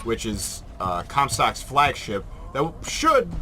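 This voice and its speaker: A man's voice: medium pitch, huge pitch swings, slow. A man giving casual, rambling Let's Play commentary, joking and swearing freely. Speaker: game commentator.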